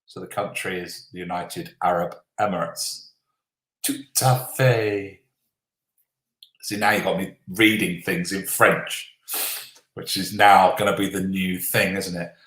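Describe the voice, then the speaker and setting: A man's voice: low voice, little pitch movement, a bit bright. A man hosting a live online pub-style quiz, reading out answers and joking with players in a casual, cheeky way. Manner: jokey, swears then apologises, reads answers slowly. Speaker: quiz host. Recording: echoey room.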